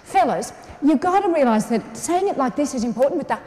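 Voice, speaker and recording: A woman's voice: high voice, brisk, background noise. A woman with an Australian accent giving a playful, comedic motivational keynote in a large hall. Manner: animated, playful, acts out quoted voices. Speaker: keynote speaker. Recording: echoey hall, faint ambience.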